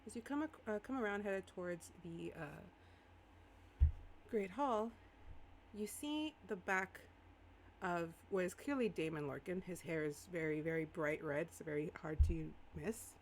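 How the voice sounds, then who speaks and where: A woman game master narrating a live-streamed tabletop role-playing game, animated and exclaiming often. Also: on the low side, unhurried, a little hiss or hum.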